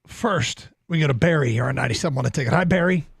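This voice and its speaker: A man hosting a sports talk radio show in a studio, taking calls and making his points deliberately, repeating phrases for emphasis. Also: a little high, vocal fry, slightly rough, no echo.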